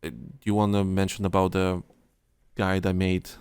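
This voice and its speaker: Low-voiced man rambling on a podcast. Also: little pitch movement, a little mellow, clear, resonant tone, dry recording. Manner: rambling, halting, lots of fillers and restarts. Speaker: podcast co-host. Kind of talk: casual chat.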